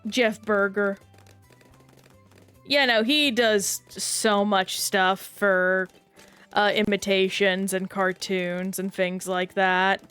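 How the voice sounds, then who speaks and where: A woman's voice: mid-range voice, steady tone, slow pace, a bit bright, smooth, faint music behind. A woman streaming a game, chatting casually and rambling while reacting to play and chat.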